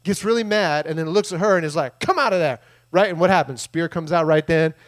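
A man preaching a loose, playful sermon in a church room. His voice sits a little high for a man, and he keeps slipping into quick impressions of the people in the story. The delivery is chatty and full of asides. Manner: jokey, animated, acts out quoted voices. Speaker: pastor. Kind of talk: casual sermon.

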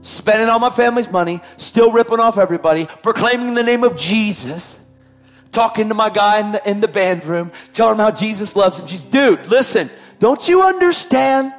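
A man shares his personal testimony emphatically, repeating phrases to give them weight. His voice is high and his delivery brisk, with faint music in the background.

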